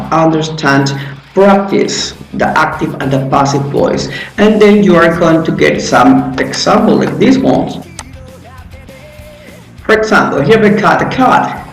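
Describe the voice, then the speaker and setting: Fairly high-voiced male teacher in an echoey room. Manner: explains and asks questions to himself, with frequent restarts. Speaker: English teacher. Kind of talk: casual online grammar lesson. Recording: echoey room with faint music.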